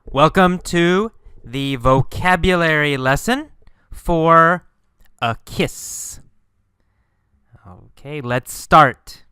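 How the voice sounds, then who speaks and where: Male teacher, very slow and deliberate, bright crisp tone, dry close mic. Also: on the high side, no echo. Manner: slow, emphatic, repeats key words. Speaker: English teacher. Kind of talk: slow English lesson narration.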